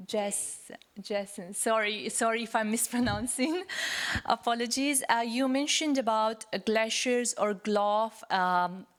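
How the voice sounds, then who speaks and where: Earnest woman asking from the floor. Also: a little high. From Pakistan. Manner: earnest, apologetic, with many restarts and pauses. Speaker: audience member asking a question. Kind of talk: question from the floor at a panel.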